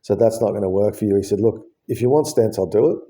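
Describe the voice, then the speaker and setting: A man's voice: on the low side, fast, mellow. A man, telling the story of his heart surgery in a casual, blunt way, swearing freely and acting out what people said. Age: 50s. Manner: blunt, swears freely, acts out both sides of conversations.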